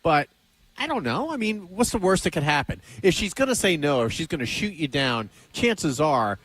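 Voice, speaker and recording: A man's voice: on the high side, sing-song, normal speed, a bit bright, no echo, poor audio. A middle-aged man hosting a radio show, chatting casually with a confident, coaxing pep-talk manner. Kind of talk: casual on-air banter.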